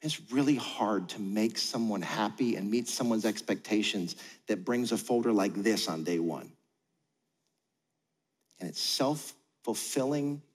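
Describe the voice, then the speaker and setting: A man preaching a sermon as pastor, conversational, acting out quoted voices. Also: fairly low pitch. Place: church auditorium. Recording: long hall reverb.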